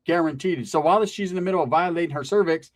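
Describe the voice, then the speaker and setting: A man's voice: a little high, quick pace. Profane man telling stand-up stories. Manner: profane, rambling, acting out characters. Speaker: comedian. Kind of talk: stand-up storytelling.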